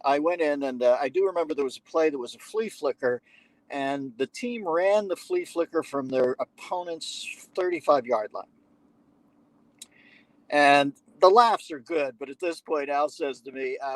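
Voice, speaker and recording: A man's voice: on the high side, normal speed, no echo, low-quality recording. A man guest on a podcast, telling a long anecdote in casual conversation with profane, wisecracking asides. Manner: animated anecdote-teller who acts out what others said. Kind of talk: conversational storytelling.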